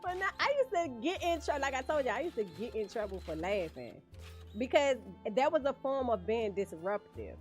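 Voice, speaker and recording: A woman's voice: a little high, big pitch swings, brisk, a little mellow, faint music behind. A woman streaming a game, chatting casually with viewers and laughing often. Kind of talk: casual livestream chat while gaming.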